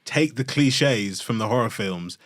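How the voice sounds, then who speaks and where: A man chatting casually on a podcast, relaxed and hesitant with trailing fillers. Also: mid-range voice, unhurried. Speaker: podcast guest. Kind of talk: casual chat.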